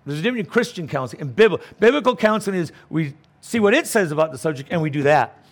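A middle-aged male pastor delivering a sermon. He speaks with a somewhat high voice, preaching emphatically but conversationally, often turning to rhetorical questions for the congregation. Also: lively intonation, quick pace.

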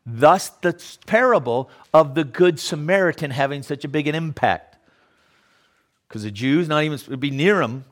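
A man's voice: on the high side, expressive, moderate pace, fairly bright tone. Preacher, male, easygoing sermon talk, frequent restarts and check-ins. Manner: repeats words, often checks in with "Okay?". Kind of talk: conversational sermon.

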